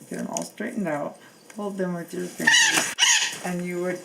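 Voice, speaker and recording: A woman walks through trimming her bird's wings at a slow, unhurried pace, pausing and restarting often. Her voice sits a little low and has a gravelly rasp. A loud background noise runs under the whole home recording. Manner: slow, halting, with many restarts and fillers; coos softly to her bird. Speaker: bird owner demonstrating grooming. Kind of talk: home how-to demonstration.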